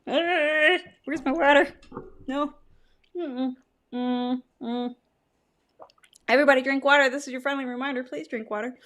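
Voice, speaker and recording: A woman's voice: sits high, steady tone, a little slow, pauses often, a bit bright. Chatty woman tasting whiskey. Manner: chatty, swears, dramatic groans when tasting. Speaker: livestream host. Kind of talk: casual livestream whiskey tasting.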